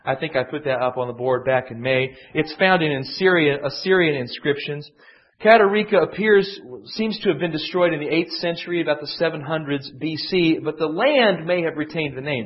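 A man teaching a conversational Bible lesson, digressive and emphatic, often restarting his sentences. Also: fairly high pitch. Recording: dull lo-fi classroom recording.

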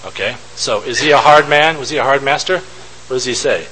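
A man's voice: mid-range voice, brisk, pushed and bright, a little hiss or hum, rough recording. A man giving an informal Bible teaching, thinking aloud and posing rhetorical questions to his listeners.

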